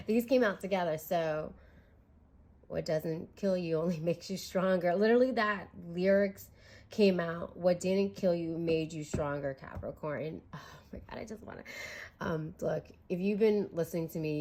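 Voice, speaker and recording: A woman's voice: low-pitched, a little mellow. A young woman giving a casual, chatty tarot reading, candid and swearing freely. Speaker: tarot reader.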